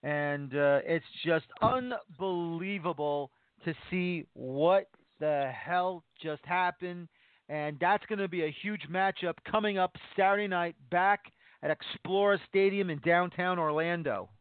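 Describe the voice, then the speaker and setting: A man hosting a soccer talk radio show, speaking with excited emphasis. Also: high voice, a little slow, smooth, no room sound. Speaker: podcast host. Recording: tinny phone-line sound.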